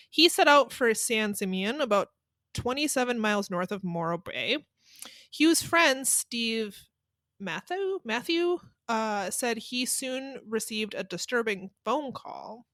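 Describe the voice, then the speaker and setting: A woman's voice: a little high, a bit bright, no room sound. Female podcast co-host, casual recap voice, laughs easily, dry booth sound. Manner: laughs often, hedging asides. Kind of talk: casual chat recapping a mystery.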